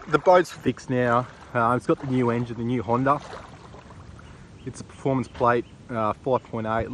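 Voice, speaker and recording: A man's voice: mid-range voice, slight background noise. A man with an Australian accent casually narrating his fishing vlog in a laid-back, rambling, slangy way, talking outdoors on a boat and beach. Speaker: fishing vlogger.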